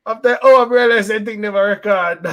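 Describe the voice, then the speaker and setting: Man, high pitch, casual patois banter, football stream host. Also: fairly quick. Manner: Caribbean patois slang, shout-outs, laughing banter. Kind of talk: casual chat.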